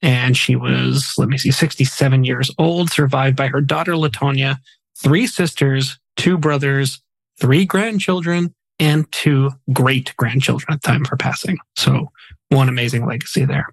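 A man's voice: mid-range voice, fairly even intonation, moderate pace, creaky, husky, no echo, poor audio. A man hosting a music podcast, reading memorial facts in a chatty way with jokey asides. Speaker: podcast host. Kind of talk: casual podcast narration of memorial segments.

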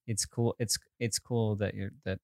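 A man co-hosting a podcast in casual chat, talking softly and hesitantly with many fillers and restarts. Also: fairly low pitch, level tone, measured pace, dry recording, clean studio sound. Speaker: podcast co-host.

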